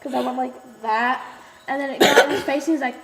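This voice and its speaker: A young woman casually telling a funny story with a giggly, animated manner and sudden loud outbursts. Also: high voice, fast, over a noisy crowd. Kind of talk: casual chat. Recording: noisy room with long reverb.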